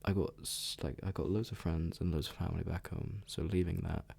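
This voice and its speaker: A young man rambling casually in a soft, half-whispered ASMR chat, full of fillers and the odd swear word. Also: sits low, fairly even intonation, a little fast, vocal fry, breathy edge. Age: young adult. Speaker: ASMR creator.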